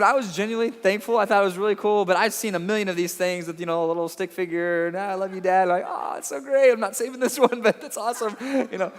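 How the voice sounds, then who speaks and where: A man in his thirties, a pastor, telling a story in a sermon with animated, self-deprecating delivery and repeated words. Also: high-pitched, big-room sound.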